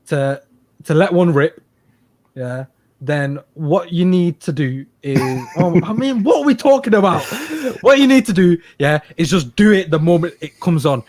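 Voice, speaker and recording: A man's voice: a little high, a little mellow, dry recording. A man co-hosting a casual podcast, rambling and repeating himself as he talks. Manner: rambling, repeats words, laughs. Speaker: podcast co-host. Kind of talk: casual advice podcast chat. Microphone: podcast microphone.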